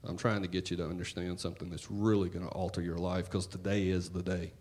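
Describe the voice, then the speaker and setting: A man preaching a sermon in church, talking to the congregation in a conversational, joking way and swinging between loud and hushed. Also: deep voice, level tone, fast. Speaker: pastor.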